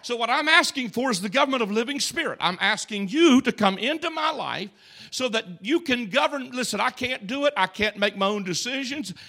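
A male pastor delivering an emphatic call-and-response sermon in a church, swinging from shouts to hushed tones. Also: extremely high pitch, animated, a little fast. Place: church sanctuary.

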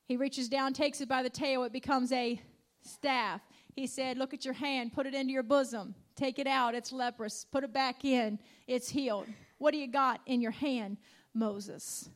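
A woman preaches with a high, bright-edged voice. She leans on repetition and punctuates her points with cries of hallelujah. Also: fairly even intonation, unhurried. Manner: emphatic, repeats lines, calls out hallelujah. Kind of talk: sermon.

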